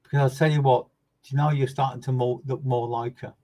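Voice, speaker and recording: A man, a medium giving live readings and speaking to viewers by name. He is earnest and emphatic, repeats words for stress, and swings from loud bursts down to soft low asides. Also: fairly even intonation, a little fast, poor audio.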